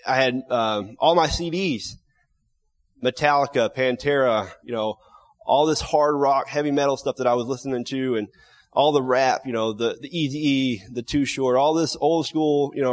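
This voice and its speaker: A man giving an emotional personal testimony in an earnest, halting way, often restarting his sentences. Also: mid-range voice. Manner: earnest, halting storytelling with many restarts and fillers.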